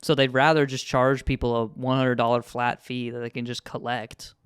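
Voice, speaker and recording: A man's voice: mid-range voice, flat delivery, normal speed, fairly bright tone, clear, resonant tone, no room sound. A young man co-hosting a podcast in laid-back casual chat, with dry humor and frequent laughter. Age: young adult. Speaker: podcast co-host.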